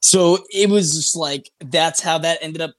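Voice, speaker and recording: A man with a fairly high voice tells a story as a podcast guest. He talks loose and animated, swearing freely and playing out each person's lines. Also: measured pace, dry recording, studio quality. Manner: animated, swears freely, acts out quoted talk. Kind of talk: casual storytelling.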